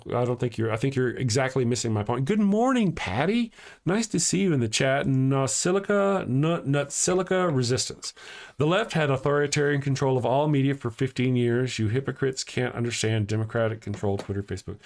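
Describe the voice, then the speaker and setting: A man's voice: mid-range voice, normal speed. A man hosting a live-streamed talk show, ranting heatedly and answering chat comments aloud from home.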